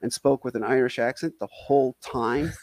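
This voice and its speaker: A man's voice: medium pitch, moderate pace, darkish tone, no echo. A man from Wisconsin telling a self-deprecating comic story in a casual, rambling way, full of "like" fillers. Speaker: storyteller guest.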